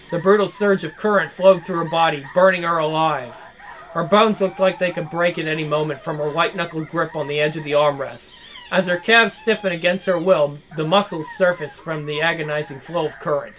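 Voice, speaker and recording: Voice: medium pitch, fairly bright tone. A reader narrating a horror visual novel aloud, dramatic and broken by nervous laughs.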